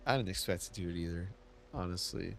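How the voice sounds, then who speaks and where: A man's voice: deep voice, brisk, gravelly, fairly bright tone, slight background noise. A man streaming a city-building game, chatting casually and telling a rambling story with many restarts. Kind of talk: casual gameplay chat. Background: faint game music.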